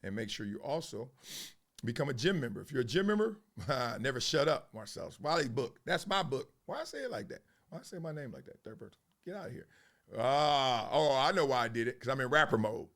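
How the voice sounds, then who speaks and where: A man's voice: medium pitch, expressive, brisk, fairly bright tone. A man hosting a sports commentary show, talking loosely with slang and frequent laughs. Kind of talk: casual monologue turning into a rap.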